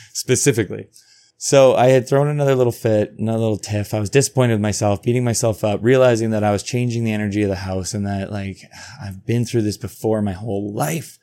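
A man's voice: fairly low pitch, steady tone, brisk, warm tone. A man from Alberta, hosting a podcast and telling a personal story in a candid, profane way, acting out his own inner thoughts. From Alberta, Canada. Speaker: podcast host. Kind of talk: confessional storytelling monologue.

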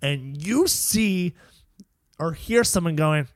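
A man's voice: a little high, big pitch swings, fairly bright tone, no room sound, studio quality. A man co-hosting a casual comedy podcast, playfully building up silly hypotheticals. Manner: playful, drawn-out setups, laughing. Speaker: podcast co-host.

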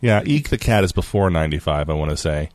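A man co-hosting a casual tech news podcast, jokey and animated, often laughing. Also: rumbling low, fast, dry recording. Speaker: podcast co-host.

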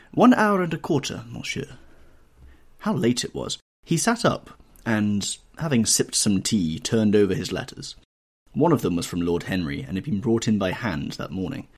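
Male audiobook narrator, low-ish, very animated intonation, measured reading. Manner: expressive, measured storytelling. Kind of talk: scripted narration.

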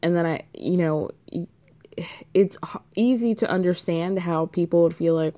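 A woman with a low, mellow voice recapping reality TV in casual chat. She is sarcastic and swears freely, with lots of "like" fillers. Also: moderate pace. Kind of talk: casual commentary.

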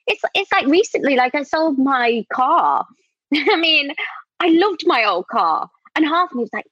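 A northern English woman in her thirties talks freely as an interview guest, with a Scouse tinge in her accent. Her voice sits a little high, and she laughs often. The recording is dry and a bit dull. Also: lively intonation, normal speed, fairly bright tone, no echo. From northern England. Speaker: actor and podcast guest. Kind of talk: casual interview chat.

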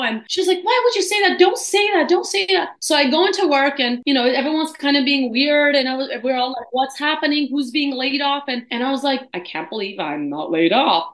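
Animated woman telling a story, roomy sound. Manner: animated, acts out quoted dialogue with pitch jumps. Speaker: guest, cosmetics founder. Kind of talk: storytelling in casual conversation. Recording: roomy echo.

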